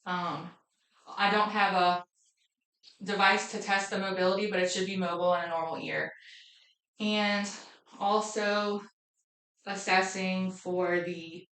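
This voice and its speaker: Woman walking thru an ear and mouth exam, pretty monotone, kinda echoey room. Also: mid-range voice. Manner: methodical, listing findings with filler ums. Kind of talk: narrated head-to-toe exam demonstration.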